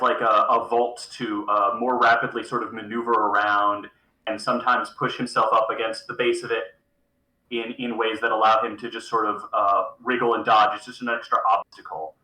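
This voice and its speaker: A man's voice: medium pitch, little pitch movement, moderate pace, bright, forceful tone, reverberant, poor audio. A man playing a tabletop game, talking out his moves with many hesitations and restarts. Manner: hesitant, full of restarts while planning moves. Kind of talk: casual tabletop play.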